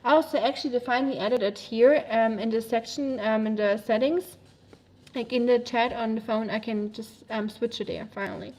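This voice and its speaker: Reading chat on her livestream, a woman with a German accent, German being her native language, rambles casually, laughing often and filling pauses a lot. Her voice is slightly high and darkish, steady in tone, at a normal speed.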